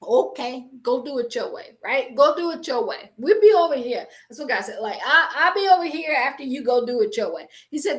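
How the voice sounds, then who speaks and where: A middle-aged woman with a high, bright-sounding voice teaches business planning through scripture. She speaks emphatically and with animation, restarting sentences as she drives her points home. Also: expressive, fairly quick, hardly any pauses. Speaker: business coach and Bible teacher. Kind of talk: faith-based business teaching.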